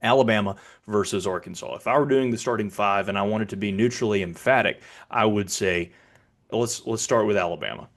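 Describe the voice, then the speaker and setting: A man's voice: on the low side, a little fast. A man who works as a basketball public address announcer, explaining his craft in a conversational, step-by-step way. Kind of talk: explanatory video talk.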